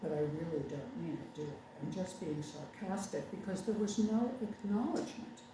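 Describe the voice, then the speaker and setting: A woman's voice: fairly low pitch, expressive, normal speed. An older woman minister giving a chatty, wry sermon with sarcastic asides. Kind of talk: conversational sermon. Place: congregation meeting room. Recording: echoey room from far off with faint background noise.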